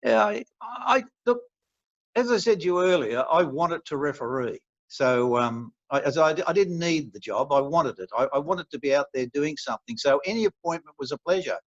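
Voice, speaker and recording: A man's voice: on the high side, animated, moderate pace, no echo. Retired Australian referee in his later years, chatty and anecdotal, dull recording with no room sound. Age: older. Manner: rambling, chuckling, many restarts. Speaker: retired referee, interview guest. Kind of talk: relaxed storytelling in an interview.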